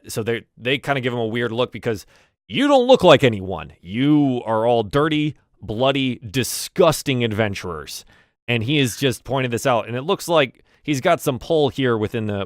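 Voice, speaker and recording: A man narrating a tabletop game as game master, pausing often to find his words. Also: mid-range voice, no room sound, studio quality. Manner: halting, searching for words.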